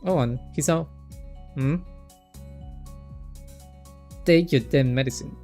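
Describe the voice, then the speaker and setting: Perky sporty teen girl, read by a young man with a gravelly, mellow voice barely lifted. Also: mid-range voice, slow pace, faint music behind. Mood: teasing. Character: sporty upbeat teenage girl, teasing.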